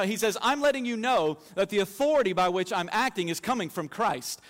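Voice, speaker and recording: High-voiced man preaching in a reverberant hall. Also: fairly quick, few pauses. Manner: animated storytelling with humor. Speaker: pastor. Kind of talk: sermon.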